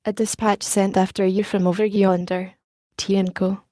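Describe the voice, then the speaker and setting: Woman reading as a hoarse messenger rider. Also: mid-range voice, level tone, moderate pace, warm tone, no room sound, clean studio sound, lightly acted. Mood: curt. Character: hoarse male messenger on horseback.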